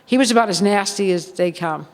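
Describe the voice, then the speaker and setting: Speaking a little fast in a mid-range voice with a darkish tone, an older woman recounts blunt tales from her showgirl past at a seminar. She laughs a lot and acts out the people she quotes, and the hall is reverberant.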